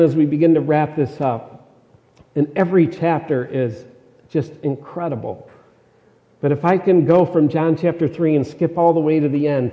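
A middle-aged man with a slightly high voice and dark tone preaches a conversational, emphatic sermon, repeating his key phrases. The recording sounds dull, with long hall reverb.

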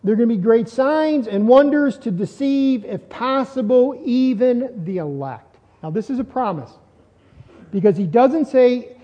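A high-pitched man preaching in a loose, conversational way, asking his listeners questions as he goes. His voice rings out with a long reverb in a church hall. The recording sounds dull and lo-fi. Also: expressive, a little slow, mellow. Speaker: pastor. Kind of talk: sermon.

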